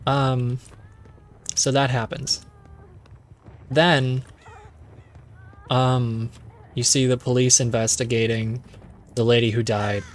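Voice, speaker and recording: A man's voice: medium pitch, flat delivery, takes it slowly, pauses often. A male streamer chatting casually while playing, retelling a story in a rambling, playful way full of fillers. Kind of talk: casual gameplay commentary.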